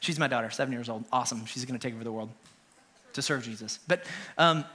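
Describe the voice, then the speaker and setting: A man in his thirties, a worship pastor preaching a sermon in church, animated and laughing as he acts out scenes. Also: mid-range voice, quick pace, slightly rough.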